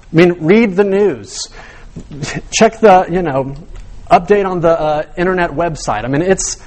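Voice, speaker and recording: Casting note: higher-voiced male pastor, animated sermon delivery, questions to the congregation. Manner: animated teaching with rhetorical questions and repeated words.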